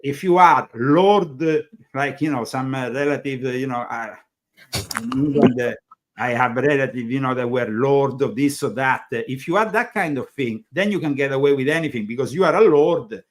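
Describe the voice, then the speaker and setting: A man's voice: mid-range voice, moderate pace. A man with an Italian accent, hosting a talk show in a rambling, hesitant conversational way, full of fillers. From Italy. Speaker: show host. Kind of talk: casual conversational interview.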